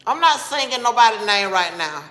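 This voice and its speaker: A woman's voice: fairly high pitch, big pitch swings, fairly quick, fairly bright tone. A woman hosting a casual live stream, talking straight to her viewers and bluntly scolding the commenters. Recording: echoey room with long reverb.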